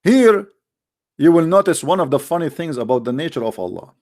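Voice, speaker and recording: Fairly quick and sing-song, this man's voice sits on the high side with a darkish tone. As an online debater giving a solo monologue, he is sarcastic and emphatic, and his English has non-native grammar.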